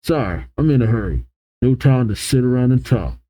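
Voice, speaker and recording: A man reading a manga aloud and voicing a hurried, grim stranger in a low, slow, ominous voice. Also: animated, mellow, natural voice, rough recording.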